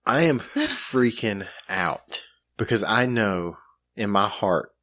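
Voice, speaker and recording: A man co-hosting a casual podcast, his voice a touch low and swinging widely up and down as he tells a story against himself. He talks loosely, full of "you know what I mean" and restarts. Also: takes it slowly. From grew up in the country. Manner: animated, self-mocking, lots of fillers. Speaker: podcast co-host.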